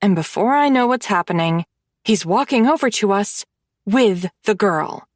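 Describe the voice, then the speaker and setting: A woman narrating a first-person romance audiobook in an expressive, wry manner on a close microphone. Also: mid-range voice, normal speed, dry recording.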